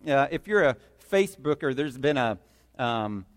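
A man preaching a sermon, emphatic and building through repeated phrases to loud peaks. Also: medium pitch, lively intonation, normal speed, long reverb tail. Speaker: pastor.

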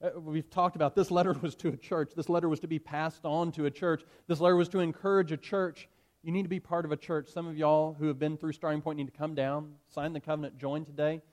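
A male pastor preaching to his congregation. His voice is somewhat higher than most men's, and he speaks earnestly and emphatically, turning from storytelling to direct appeals. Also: level tone, fast talker, a little mellow. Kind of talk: sermon.

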